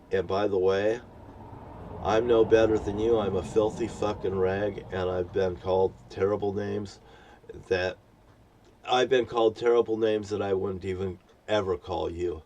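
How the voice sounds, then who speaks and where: A man's voice: lowish voice, fairly even intonation, unhurried, mellow, recorded from a distance, dull audio, a little hiss or hum. A man ranting to camera in an angry, profane, rambling preaching manner. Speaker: vlogger.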